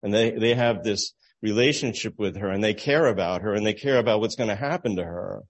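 A man with a somewhat low voice tells a story to make a moral point. He talks in a relaxed, unhurried way, with small restarts and soft chuckles. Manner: relaxed, halting storyteller who laughs at his own story. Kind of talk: storytelling sermon illustration.

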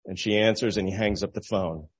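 A man with a somewhat low voice tells a story to make a moral point. He talks in a relaxed, unhurried way, with small restarts and soft chuckles. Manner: relaxed, halting storyteller who laughs at his own story. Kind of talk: storytelling sermon illustration.

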